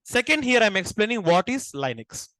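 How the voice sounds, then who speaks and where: A man's voice: high voice, very animated, fairly quick, pushed and bright, no echo, poor audio. A man with an Indian accent giving a classroom lecture, asking the class questions and repeating key points. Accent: Indian English. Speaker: teacher.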